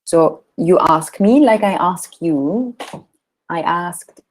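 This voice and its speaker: A woman's voice: fairly low pitch, slow pace, rough recording. A woman teaching a class, patiently explaining and modelling example sentences. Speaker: German teacher. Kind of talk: online language lesson.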